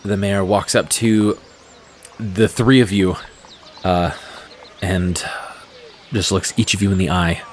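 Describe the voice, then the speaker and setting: A man narrating as game master of a tabletop game, describing scenes in an unhurried way with frequent fillers. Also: low voice, fairly even intonation, a little hiss or hum.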